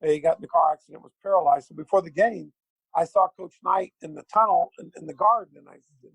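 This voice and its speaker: A middle-aged man spins a basketball story, acting out every quote with gusto. His voice sits high and runs gravelly and husky. The sound is dry and close. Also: quick pace, dry recording, low-quality recording. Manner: lively anecdote teller, acts out quotes. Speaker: guest, former pro basketball player. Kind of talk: animated storytelling.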